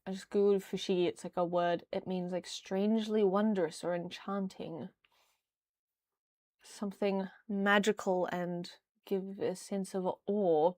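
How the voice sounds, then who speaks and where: A woman's voice: mid-range voice, steady tone, a little slow, darkish tone, no echo. A young woman chatting casually on a livestream, rambling with lots of fillers. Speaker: streamer.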